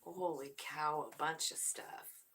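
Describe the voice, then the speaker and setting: A woman doing a casual tarot reading, talking straight to her viewers. She is blunt and chatty and swears freely, and her voice sits a little low for a woman. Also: steady tone, slow, fairly bright tone, breathy edge. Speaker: tarot reader.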